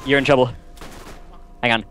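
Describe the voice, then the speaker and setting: A man casually commentating a co-op video game with a friend, full of quick excited exclamations. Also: medium pitch. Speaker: gameplay commentator.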